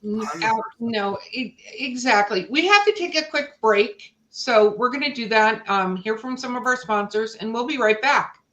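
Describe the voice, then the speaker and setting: A woman's voice: fairly high pitch, moderate pace, few pauses, a bit bright. A woman co-hosting a podcast in casual chat, thinking aloud and asking questions back. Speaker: podcast co-host. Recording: roomy echo.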